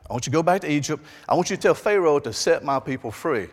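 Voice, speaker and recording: A pastor voicing God, raised and upbeat. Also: male voice, a little high, expressive, fast, big-room sound. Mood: commanding. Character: God, commanding divine male voice.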